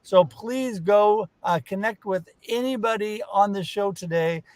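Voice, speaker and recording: A man with a fairly high voice hosts a live online show from a video call. He speaks in an upbeat, effusive way. The sound is dry and close. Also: measured pace, clear, resonant tone, no room sound. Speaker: co-host. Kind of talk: casual live show chat.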